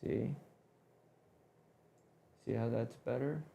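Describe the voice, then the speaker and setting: A man's voice: medium pitch, fairly even intonation, slow pace, creaky, mellow, a little hiss or hum. A man streaming, casually muttering to himself as he fiddles with his stream settings. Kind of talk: casual livestream chatter.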